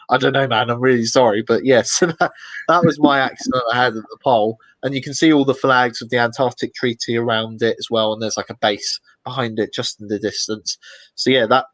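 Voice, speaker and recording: A man, the guest in an interview, telling lively anecdotes in a casual way and acting out the voices of people he quotes. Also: mid-range voice, no room sound, low-quality recording. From Britain. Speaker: expedition guest.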